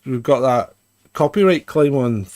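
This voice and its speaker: Guy doing snarky live commentary, really animated, grumbly rants. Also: mid-range voice, a little slow, no echo, studio quality. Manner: sarcastic, ranting, laughs often.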